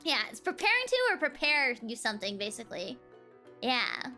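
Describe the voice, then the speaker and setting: A young woman chats casually on a livestream, giggling often between phrases. Her fairly high voice is very animated, pushed and bright at a normal speed, with faint music behind her.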